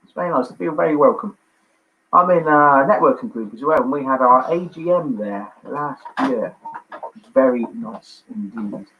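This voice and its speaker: A man hosting a livestreamed pub quiz from home, chatty and jokey, reading out answers with quick asides. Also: mid-range voice, lively intonation, a little hiss or hum. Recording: dull lo-fi livestream audio.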